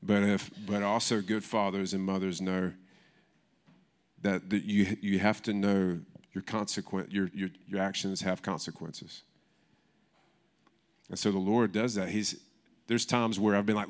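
A man's voice: low voice, little pitch movement, a little slow. A man preaching a sermon in church in a casual, conversational way, often restarting his sentences. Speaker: pastor.

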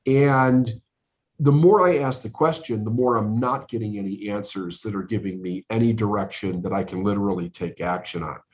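A man's voice: on the low side, moderate pace. Earnest middle-aged man telling his story. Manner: earnest, emphatic, repeats words when building up. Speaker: podcast guest, coach. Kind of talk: conversational storytelling.

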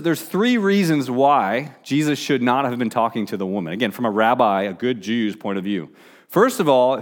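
Conversational middle-aged male preacher. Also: mid-range voice. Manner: conversational, with frequent fillers and restarts. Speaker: pastor. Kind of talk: sermon.

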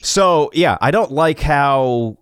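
Animated man telling a story. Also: on the high side, takes it slowly, clean tone, no room sound, studio quality. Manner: animated storyteller, frequent swearing and laughter. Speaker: podcast host. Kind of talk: casual chat.

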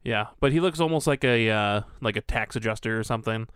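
A man co-hosting a podcast, walking through a video game with playful deadpan jokes. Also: fairly low pitch, quick pace, smooth, dry recording, clean studio sound. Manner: playful, deadpan joking while recounting a game. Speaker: podcast co-host. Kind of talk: casual chat.

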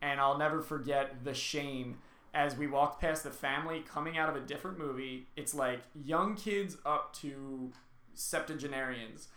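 A man's voice: fairly high pitch, moderate pace, pushed and bright, reverberant. A man co-hosting a podcast, telling stories in casual chat and laughing often. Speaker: podcast co-host.

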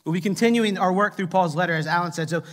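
With a high voice, quick pace and fairly bright tone, a middle-aged pastor delivers a sermon full of humorous family stories. He asks the congregation for answers, and the echoey church hall gives everything a long reverb.

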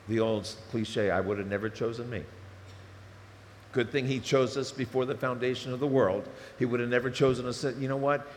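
A man preaching a sermon, animated and emotional, swinging between loud fervor and hushed asides. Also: medium pitch. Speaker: pastor. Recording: reverberant hall with faint noise.

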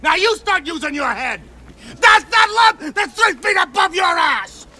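An actor playing a gruff, washed-up baseball manager who scolds and yells at his players in a film scene. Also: very high-pitched, sing-song, unhurried, full character voice. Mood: sarcastic. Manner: yelling, scolding. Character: gruff hot-tempered washed-up baseball manager, middle-aged man.

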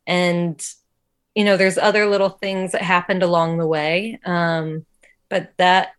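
A woman with a slightly low voice tells a personal faith testimony in an interview. She talks casually and earnestly, with many "like" fillers. Her delivery is emotional and open. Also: little pitch movement, measured pace, clear, resonant tone. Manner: casual, heavy use of "like" fillers. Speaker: interview guest.

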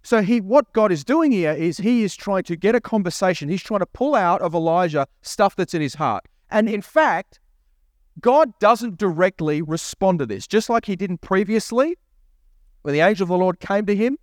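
A man's voice: sits high, expressive, normal speed, no room sound, studio quality. A male pastor preaching a sermon, asking the congregation rhetorical questions and reading scripture aloud. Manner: reads scripture aloud, voicing the prophet's lines.

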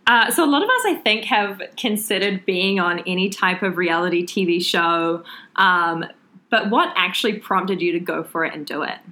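A woman's voice: on the low side, normal speed, bright, forceful tone. A woman from New Zealand with a New Zealand accent, co-hosting a podcast in chatty, eager casual talk. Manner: chatty and eager, with many fillers. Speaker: podcast co-host.

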